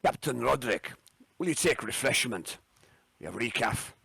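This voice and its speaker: A man's voice: mid-range voice, animated, moderate pace, gravelly, pushed and bright, slightly rough, no echo, exaggerated voice. A man voicing a proud, bearded male squat ship captain in a put-on Scottish accent. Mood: welcoming.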